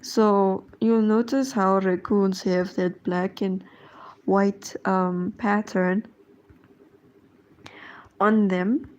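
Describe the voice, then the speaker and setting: Slow, mellow-voiced woman chatting while drawing. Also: mid-range voice, fairly even intonation, dull audio. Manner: rambling, full of fillers and trailing thoughts. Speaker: drawing streamer. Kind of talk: casual chat while drawing.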